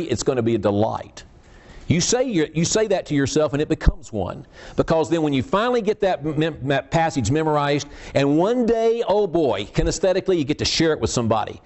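A man's voice: fairly high pitch, a little mellow. A male preacher delivering a sermon in an emphatic, folksy, self-deprecating way. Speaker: preacher teaching a class.

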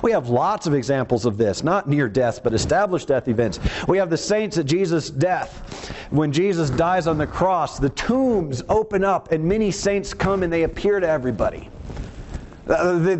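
A man's voice: fairly high pitch, expressive, normal speed, a little mellow, a little hiss or hum. A man preaching a teaching sermon in a conversational way, acting out the quoted lines in voices of their own.

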